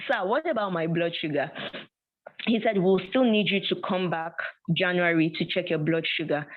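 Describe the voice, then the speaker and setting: A woman recounts a personal testimony in a fairly low voice, animated and quick to laugh as she acts out conversations. The audio is thin and phone-like. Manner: animated storytelling with frequent laughs and quoted dialogue. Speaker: guest sharing a personal testimony. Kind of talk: storytelling testimony.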